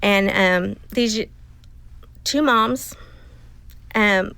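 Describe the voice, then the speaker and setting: Very slow and mid-range, this middle-aged woman's voice carries vocal fry and a sharp yet clear, resonant tone, with no echo. As a casual interview guest, she tells an emotional personal story in earnest, acting out what she told herself.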